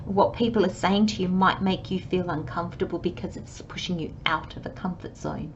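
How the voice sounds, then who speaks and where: A woman giving a channelled tarot reading, talking in a gentle, chatty way and acting out little imagined conversations. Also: lowish voice, a little fast. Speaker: tarot reader. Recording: slightly dull, faint background hiss.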